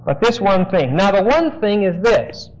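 High-voiced man teaching from Scripture. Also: very animated, moderate pace. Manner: explanatory, dictates phrases for notes. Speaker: preacher. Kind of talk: expository Bible teaching. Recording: dull lo-fi sermon recording.

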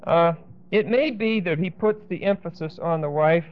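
A man's voice: fairly high pitch, moderate pace. Man teaching a Bible class, lo-fi. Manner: explanatory, checks in with the class often. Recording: dull lo-fi recording.

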